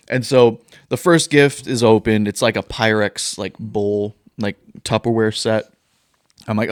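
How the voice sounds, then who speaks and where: A man's voice: lowish voice, measured pace, no echo. Young guy cohosting a podcast, laughing thru a rowdy story, dry close sound. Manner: animated storytelling, laughs often, swears. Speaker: podcast co-host. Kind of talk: casual chat.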